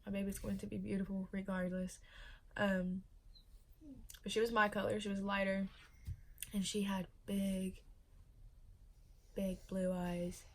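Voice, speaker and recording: A young pregnant woman talks in a casual, chatty vlog, full of fillers and easily moved to emotion. Her pitch sits in the middle and her delivery stays fairly flat in melody. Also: measured pace, long pauses. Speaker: vlogger.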